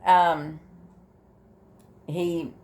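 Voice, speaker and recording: An older woman, talking casually in a personal vlog, halting with fillers and restarts, emotional and close to tears at times. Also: fairly low pitch, level tone, a little mellow. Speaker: vlogger sharing her grief journey.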